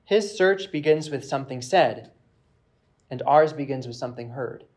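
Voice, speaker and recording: A man preaching, reading a reflective passage aloud in a measured way with pauses. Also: medium pitch, expressive, darkish tone. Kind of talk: sermon with read-aloud passage.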